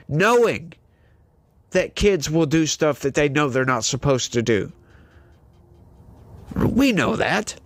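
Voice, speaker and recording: With a mid-range voice and no echo, this political commentary host from southern Louisiana reads the news and rants his heated opinions. He comes across as hyper and scattered, firing off many rhetorical questions.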